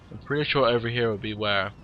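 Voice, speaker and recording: A man with a cold, casually commentating a game replay in a warm room at home with wry, rambling asides. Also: mid-range voice, muffled recording, a little hiss or hum. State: has a cold, sniffly.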